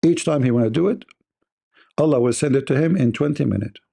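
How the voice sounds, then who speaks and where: A man's voice: mid-range voice, fairly quick, creaky, warm tone. A man hosting a live debate stream, talking in a sarcastic, taunting way. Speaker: debate livestream host. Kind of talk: mocking live-stream monologue.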